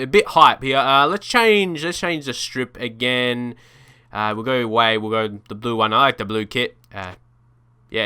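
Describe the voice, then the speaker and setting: A man's voice: mid-range voice, pushed and bright, clear, resonant tone, no room sound, clean studio sound. A young man chatting casually over his football game, thinking aloud with restarts and small laughs. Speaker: gaming video creator. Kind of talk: casual let's-play commentary.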